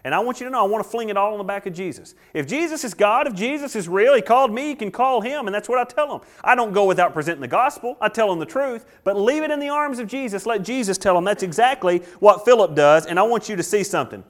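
A male pastor, preaching a sermon and acting out quotes with lively shifts in delivery. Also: sits high, fast talker, hardly any pauses. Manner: animated preaching with acted-out quotes.

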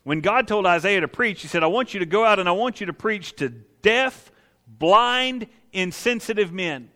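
A man preaching a sermon, animated, acting out voices from the scripture he reads. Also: sits high, normal speed. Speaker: pastor.

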